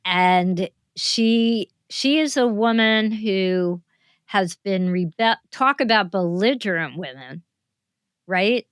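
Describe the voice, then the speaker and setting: Woman in her seventies, unhurried, smooth clear voice, dry close sound, thoughtful talk show guest. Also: medium pitch, lively intonation, no echo. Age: 70s. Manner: thoughtful, measured storytelling. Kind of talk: interview conversation.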